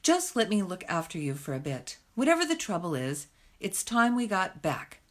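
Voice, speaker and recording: A woman's voice: lowish voice, sing-song, moderate pace. A woman voicing a young male rabbit who speaks firmly and reassuringly to his frightened brother. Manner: firm and reassuring. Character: young male rabbit, steady, caring leader.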